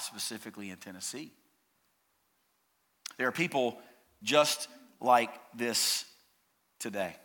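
Fervent pastor with a lively, swooping voice. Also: male voice, medium pitch. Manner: emphatic, swinging from loud declarations to hushed, drawn-out words. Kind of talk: sermon.

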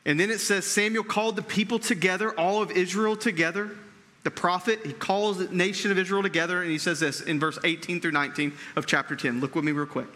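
The man's high-pitched, sharp voice moves at a quick pace with fairly even intonation, and a long reverb tail trails after it. As a pastor giving a conversational sermon, he regularly checks in with listeners and tends to repeat words mid-thought.

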